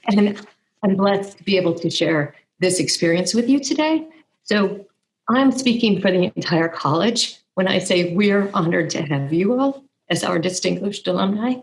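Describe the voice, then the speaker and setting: A woman's voice: lowish voice, animated, moderate pace, rough recording. A woman moderating a college alumni panel, effusive and openly emotional with praise. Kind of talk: panel discussion.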